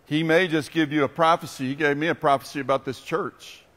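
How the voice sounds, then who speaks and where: A pastor preaching a sermon, a man telling stories with animation and then turning quiet and earnest. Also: a little high, fairly even intonation, a little fast, big-room sound.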